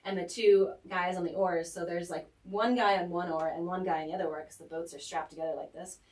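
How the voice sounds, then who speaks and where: A woman as a radio guest, telling a rambling story with animated, laughing delivery and lots of "like" fillers. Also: on the low side, a little fast, roomy sound, distant mic, low-quality recording. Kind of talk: casual storytelling. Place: radio studio.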